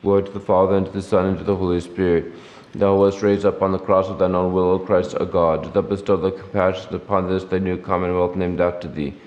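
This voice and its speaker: A man with a very deep voice reads prayers at a church service. He keeps his pitch nearly flat and his pace measured and solemn. The lo-fi recording carries a long church reverb. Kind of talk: liturgical reading of prayers. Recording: lo-fi recording in an echoey church hall.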